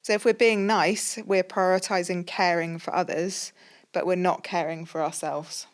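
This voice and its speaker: A woman's voice: lowish voice, fairly even intonation, normal speed. A woman with an English accent, a podcast guest, explaining leadership models thoughtfully with frequent ums and restarts. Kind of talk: casual podcast conversation.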